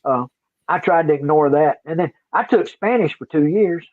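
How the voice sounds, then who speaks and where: An older man hosts a livestream, chatting in a rambling, folksy way and repeating himself. His voice is a little high and he talks at normal speed, over a dry, tinny, phone-like line.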